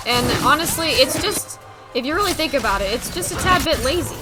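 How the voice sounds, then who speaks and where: A woman streamer with a slight New England accent, chatting casually with her chat, rambling with lots of "like" and quick laughs. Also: high-pitched, animated, over loud music.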